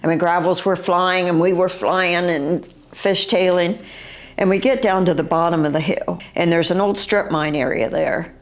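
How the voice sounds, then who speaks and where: An older woman with a West Virginian accent, recounting her own encounter as an eyewitness in a halting, vivid way, with fillers and restarts. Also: fairly low pitch, fairly even intonation.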